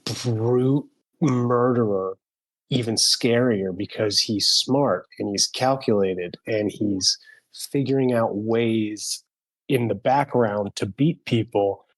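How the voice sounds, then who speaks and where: A man's voice: fairly low pitch, slow pace, no echo, poor audio. A man co-hosting a movie podcast, enthusiastic and acting out scenes as he talks. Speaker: podcast co-host. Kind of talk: casual movie-discussion chat.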